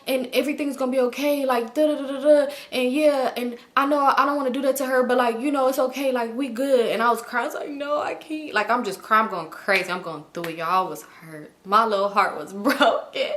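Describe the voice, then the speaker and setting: A young adult woman, telling a personal story casually and acting out quoted lines with sudden jumps in pitch. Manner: animated, acts out quotes with big pitch jumps. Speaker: storytime vlogger.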